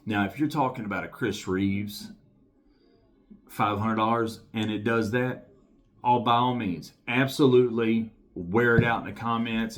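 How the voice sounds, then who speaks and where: A man's voice: fairly low pitch, steady tone, measured pace. A man giving a casual knife review to camera, talking emphatically and enthusiastically and repeating his points.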